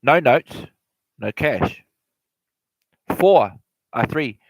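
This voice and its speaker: A man's voice: medium pitch, lively intonation, very slow, creaky, no echo, rough recording. A man giving a casual, rambling explanation of investing, repeating himself, stumbling over words and laughing now and then. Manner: repetitive, stumbling, laughs often. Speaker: real estate explainer.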